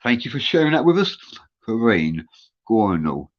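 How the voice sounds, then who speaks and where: A man's voice: lowish voice, big pitch swings, normal speed, dull audio. A man from London with a London English accent hosting a live show, reading out viewer comments in an earnest, rambling way. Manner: rambling, many filler uhs, earnest. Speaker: show host.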